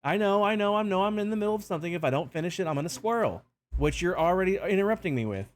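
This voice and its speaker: A man streaming live, playing host of a game-show game with playful, animated patter. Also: high-pitched, rapid-fire, slight background noise. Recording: stream with music playing behind. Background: background music.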